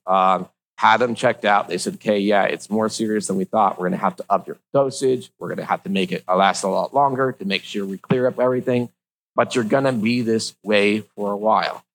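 A man's voice: lowish voice, fairly bright tone, poor audio. A middle-aged man with slightly slurred speech, telling a personal story in a casual, joking, rambling way.

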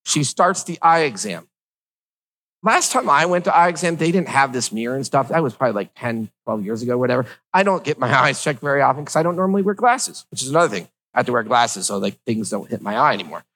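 A man's voice: mid-range voice, fairly bright tone, low-quality recording. A man telling a personal story to his viewers in a casual, rambling way, with lots of fillers and wry asides.

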